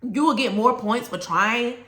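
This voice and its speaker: A woman's voice: on the high side, unhurried, fairly bright tone. Emphatic woman teacher in an echoey room. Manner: emphatic, storytelling, repeats key points. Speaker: former teacher giving classroom advice. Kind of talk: conversational advice talk to teachers.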